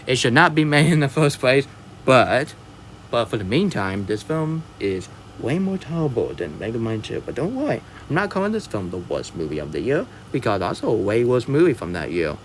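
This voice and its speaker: A man rants through a movie review in a vlog, rambling and circling back to the same points while apologizing along the way. His voice sits at an ordinary middle pitch. A faint background hiss runs under the recording. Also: sing-song, moderate pace. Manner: rambling, repeats himself, keeps apologizing; exaggerated whooping yee-haw sign-off.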